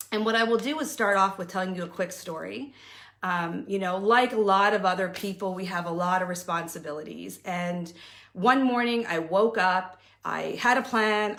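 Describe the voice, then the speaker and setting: A woman in middle age talks candidly on her own show, walking listeners through a personal story. Her voice sits at a middle pitch. She slips quoted remarks into the telling without fuss. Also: fairly bright tone. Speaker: host. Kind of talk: personal motivational talk.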